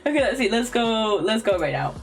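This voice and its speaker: A young British woman with a fairly high, gravelly voice streams a game, very animated and speaking fairly quickly. She chats casually and rambles, often fumbling her words and giggling, over faint lofi music.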